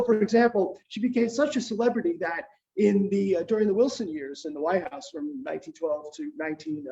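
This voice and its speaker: Older male lecturer, mellow tone, talking off the cuff with lots of "uh"s, a little far from the mic. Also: high-pitched. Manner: lively storyteller, many fillers and restarts. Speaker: guest lecturer, historian and journalist. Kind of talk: informal history lecture. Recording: distant, muffled lo-fi sound.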